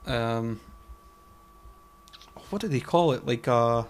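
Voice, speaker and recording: A man in easy podcast conversation, his voice sitting at an ordinary middle pitch. He rambles, hunts for words, swears casually and lets phrases drift off quietly. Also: takes it slowly, slight background noise. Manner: trails off quietly mid-sentence. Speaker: podcast co-host. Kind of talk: casual chat.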